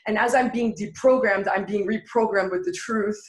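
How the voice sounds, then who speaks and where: A woman speaks candidly as an interview guest, earnest and building her points through repeated phrases. Her voice sits at an ordinary middle pitch. The recording carries a noticeable room echo. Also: moderate pace. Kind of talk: candid personal storytelling. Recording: echoey room.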